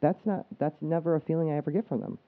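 A man co-hosting a podcast, talking earnestly in a casual chat and often restarting his sentences. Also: fairly high pitch. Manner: earnest, explaining, halting restarts. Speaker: podcast co-host. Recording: tinny phone-like sound.

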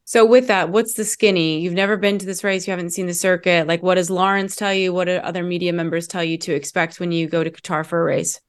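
A woman's voice: lowish voice, flat delivery, fast, hardly any pauses, smooth. A woman with an American accent hosting a casual motorsport podcast, upbeat and steering the talk with questions. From United States. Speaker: host.

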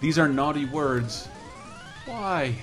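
A man hosting a casual chat, animated and laughing often, swearing freely. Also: mid-range voice, takes it slowly, over music.

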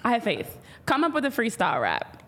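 A woman's voice: on the high side, huge pitch swings, a little fast, fairly bright tone. A woman hosting a podcast game, playful and teasing, laughing often. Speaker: podcast host. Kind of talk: casual game-show chat.

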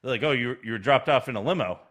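A man with a mid-range, fairly bright voice talks fast as he co-hosts a casual podcast. He retells stories animatedly, acting out quoted lines and laughing.

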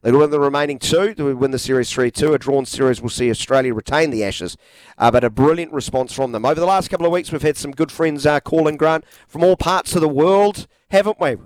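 A man's voice: on the high side, fairly quick, no echo. A man with a New Zealand accent co-hosting a cricket talk show in a playful, presenter-like way. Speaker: co-host. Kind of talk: casual sports chat.

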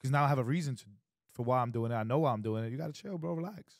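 A man in his twenties co-hosting a casual podcast chat, animated and profane, acting out quoted exchanges. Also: medium pitch, racing, creaky, no echo, studio quality. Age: 20s. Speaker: podcast co-host.

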